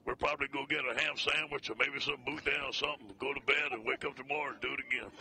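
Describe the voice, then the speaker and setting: A man's voice: mid-range voice, fairly even intonation, racing, pushed and bright. A man with a Cajun accent, a head football coach speaking plainly and folksily in a clip. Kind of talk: interview soundbite.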